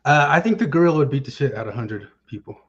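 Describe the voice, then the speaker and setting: A man hosting a casual podcast chat, rambling and often pausing with fillers while searching for names. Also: medium pitch, lively intonation, slightly rough. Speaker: podcast host. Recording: dull lo-fi sound.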